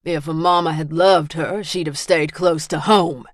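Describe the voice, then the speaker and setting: A woman narrator voicing a gruff middle-aged male carnival boss with a gravelly, coarse way of talking. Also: sits low, steady tone, a little slow, no room sound, studio quality. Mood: dismissive. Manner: coarse, bitter, swears freely.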